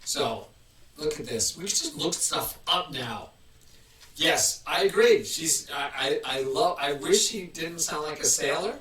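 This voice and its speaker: A man's voice: on the high side, animated, measured pace, fairly bright tone, slight background noise. A man hosting a casual live stream, chatting in a rambling way and restarting his sentences often. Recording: roomy, mic at a distance.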